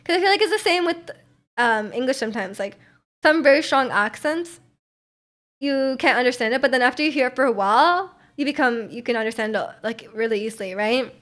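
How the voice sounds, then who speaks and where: A woman's voice: high-pitched, lively intonation, brisk, a bit bright. A young woman from North America, hosting a livestream and chatting casually in a rambling, giggly way with lots of fillers. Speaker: livestream host. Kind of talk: casual stream chat.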